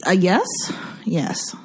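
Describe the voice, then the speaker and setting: A woman's voice: mid-range voice, darkish tone, husky. A woman co-hosting a casual podcast, teasing her partner and laughing often. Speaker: podcast co-host.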